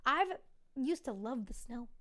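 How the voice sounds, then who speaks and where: A woman in her thirties hosts a podcast, chatting casually in a candid, confiding way with the odd swear word. Her voice is on the high side, animated, pushed and bright, at a measured pace.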